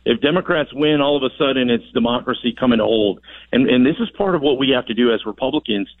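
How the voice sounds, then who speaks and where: A man speaks over a thin telephone line with no room sound at all. He answers with emphatic, rallying conviction, pressing his points by repeating words. His pitch sits in an ordinary middle range. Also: fast, no echo. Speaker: congressman as phone-in guest. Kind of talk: radio interview answers. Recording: dry tinny phone line.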